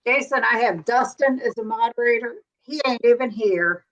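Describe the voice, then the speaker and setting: A woman from the American Midwest hosting a casual live stream chat, talking in quick asides and laughing often. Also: fairly high pitch, a bit bright, muffled recording. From Cincinnati, USA.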